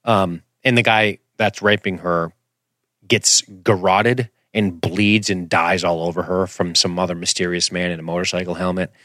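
A man hosting a podcast, reviewing a film in an animated, rambling, jokey casual chat. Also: low voice, normal speed, no echo, studio quality. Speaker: podcast host.

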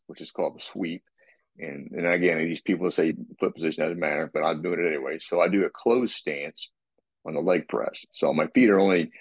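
Very deep husky man, rambling. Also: no room sound. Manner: rambling, with repeated restarts and throat clearing. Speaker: guest describing his workout. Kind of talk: casual podcast talk.

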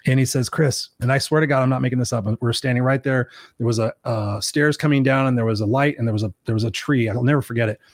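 A man spins a long anecdote at a brisk clip. He slips into other people's voices as he quotes them. The sound is dry and close to the mic. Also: mid-range voice, dry recording. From Southern California. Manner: animated, acts out quoted voices. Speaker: host. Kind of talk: casual storytelling chat.

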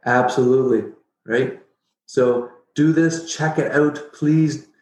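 A middle-aged man telling a personal story as a podcast guest, animated and jokey, acting out his own past reactions. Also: mid-range voice, slow. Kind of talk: casual storytelling interview. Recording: roomy echo.

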